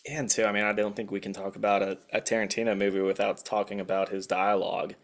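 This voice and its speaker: A man who is a guest on a podcast, chatting in a relaxed, blunt way and swearing casually. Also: on the low side, fast. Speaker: guest writer. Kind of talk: casual chat.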